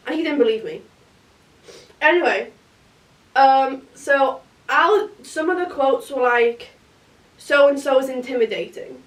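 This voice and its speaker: A woman's voice: sits high, animated, normal speed, recorded from a distance. A young British woman telling a dramatic story in casual vlog chat, full of "like" and quoted voices. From Britain. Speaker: vlogger. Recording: roomy sound, mic set back.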